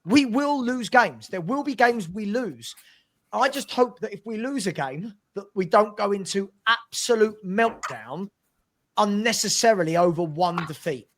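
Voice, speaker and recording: A man's voice: high-pitched, expressive, measured pace. A man on a fan podcast panel, emphatic and cautioning in casual football debate.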